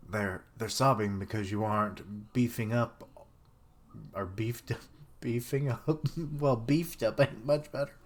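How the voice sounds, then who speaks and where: A man with a mid-range, fairly bright voice live-streams his reaction to a manga chapter. He reads lines aloud and cracks jokes, swearing and laughing at his own humor.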